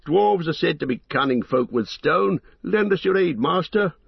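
A man's voice: fairly high pitch, animated, moderate pace, gravelly, slightly rough, no echo, muffled recording, voice pushed up, full character voice. A man voicing an old male warrior who calls out urgently in a storybook reading. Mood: pleading.

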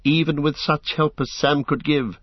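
A man reading a storybook aloud as narrator, in a steady, measured way. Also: fairly high pitch, breathy edge, no echo. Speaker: audiobook narrator. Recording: dull lo-fi dry recording.

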